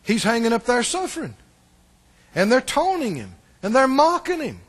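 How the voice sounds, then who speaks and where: A man's voice: extremely high pitch, huge pitch swings, normal speed. A pastor preaching a sermon, emphatic and questioning his listeners. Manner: emphatic, asks the congregation questions.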